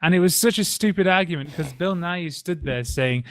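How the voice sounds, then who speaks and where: A man's voice: a little high, normal speed, fairly bright tone. A man co-hosting a podcast, telling stories in a chatty way and acting out quotes. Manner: chatty storyteller, acts out quotes with laughs. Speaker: podcast co-host. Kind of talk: casual chat.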